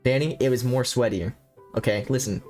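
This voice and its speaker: A young American man talks with his livestream chat, swearing and joking as he reads a horror game aloud. His voice sits at an everyday middle pitch. Faint music plays under him. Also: a little fast, darkish tone. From United States. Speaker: streamer.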